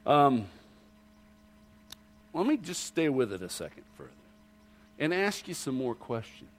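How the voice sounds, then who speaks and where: A man preaching a sermon to his congregation, asking rhetorical questions and dropping low and quiet for emphasis. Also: sing-song, a little slow, long pauses. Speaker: pastor.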